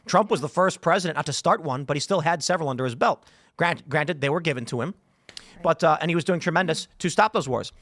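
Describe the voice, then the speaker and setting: A man in his thirties hosting a political podcast, animated and acting out the voices in his stories. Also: a little high, fast talker, no echo. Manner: animated storyteller, acts out quotes. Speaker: podcast host. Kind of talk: casual political chat. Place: studio.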